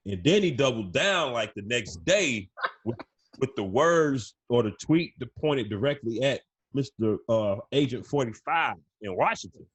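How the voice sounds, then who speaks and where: A man's voice: medium pitch, expressive, measured pace, husky, dry recording. Casual man talking sports, dry sound. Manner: conversational, frequent "you know what I'm saying", repeats words. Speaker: podcast co-host.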